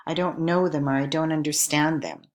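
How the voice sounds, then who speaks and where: A woman with a low voice narrates a recorded lesson. She speaks clearly and at a measured pace, posing question after question to her viewers as an instructor. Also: fairly even intonation.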